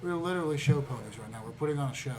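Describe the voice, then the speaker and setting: A man's voice: fairly high pitch, expressive, very fast, a crowd in the background. A man co-hosting a podcast in casual chat, full of crude, teasing banter. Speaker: podcast co-host. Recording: noisy background.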